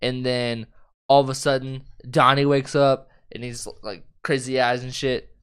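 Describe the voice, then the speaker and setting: A young man co-hosting a casual chat, retelling scenes in a profane, animated way with acted-out quotes. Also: mid-range voice, measured pace, clean tone. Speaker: co-host.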